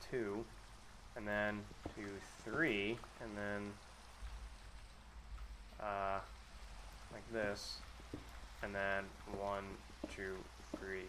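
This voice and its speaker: A man's voice: fairly low pitch, a bit bright, slight background noise. A man streaming a game live, chatting casually, joking with his chat and swearing a lot while he builds. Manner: swears often, jokes and banters with chat; self-mocking, mutters while building. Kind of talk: casual live gameplay commentary.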